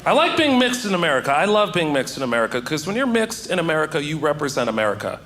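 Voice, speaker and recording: A man doing stand-up comedy, telling a story to a live audience with animated delivery and loud outbursts. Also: a little high, fast, a little hiss or hum. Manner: animated, acts out voices in his story, loud excited outbursts. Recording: stage recording with audience laughter. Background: audience laughter.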